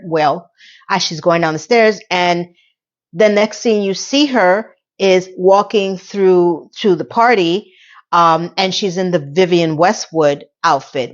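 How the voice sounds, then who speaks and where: A woman casually recapping a TV episode for her viewers, animated and playful, with asides to the audience. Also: fairly low pitch, muffled recording. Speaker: TV recap vlogger.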